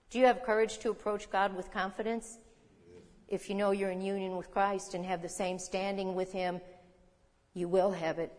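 A woman's voice: mid-range voice, little pitch movement, normal speed, a little mellow. A woman teaching a sermon in a conversational, emphatic way, explaining scripture and reading verses aloud. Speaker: Bible teacher. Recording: long hall reverb.

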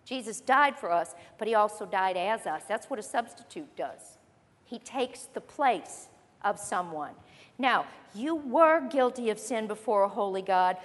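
A woman preaching a sermon, emphatic, slowing down to stress key phrases. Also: on the high side, long reverb tail.

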